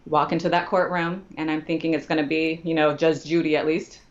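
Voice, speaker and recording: A woman's voice: low-pitched, flat delivery, brisk, few pauses, dull audio. A woman, a podcast guest, telling a personal story with feeling and acting out each person's words in dialogue, her voice climbing when she speaks as herself in distress.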